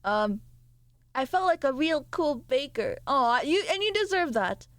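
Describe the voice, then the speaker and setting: A woman's voice: high-pitched, very animated, unhurried, no room sound. A woman streamer chatting casually with her live chat, swearing and laughing as she reacts to messages.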